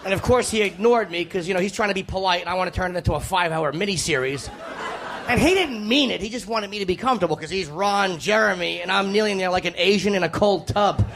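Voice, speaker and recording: A man's voice: sits high, fast, creaky. A male stand-up comedian telling a crude, self-mocking story with punchy timing over live audience laughter. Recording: live set with audience laughter and room noise.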